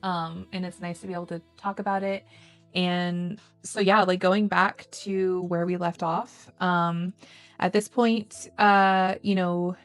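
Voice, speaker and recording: A woman's voice: on the low side, little pitch movement, measured pace, soft background music. A young woman co-hosting a casual book podcast, retelling the plot at length and slipping into the characters' lines. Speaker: podcast co-host.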